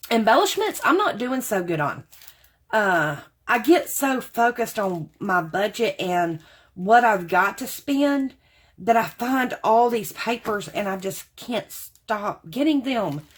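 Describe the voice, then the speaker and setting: A woman, chatting casually to camera about craft supplies she bought, rambling and calling her viewers y'all. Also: medium pitch. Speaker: craft haul vlogger.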